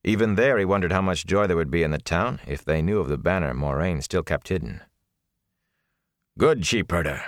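A man narrating a fantasy audiobook in a steady, even way. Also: sits low, fast talker, few pauses, no room sound, studio quality.

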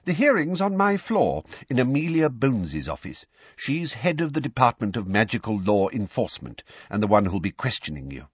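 A man's voice: medium pitch, huge pitch swings, normal speed, slightly rough, dry recording, voice pushed up. A man voicing a kindly middle-aged wizard father who speaks in an encouraging, bracing way, in a dull lo-fi recording.

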